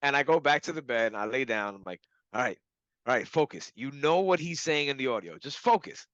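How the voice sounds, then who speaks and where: A young adult man, a client of a hypnotherapist, telling a casual story with animated laughter and acted-out quotes. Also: medium pitch, fairly quick, no room sound, highs cut off.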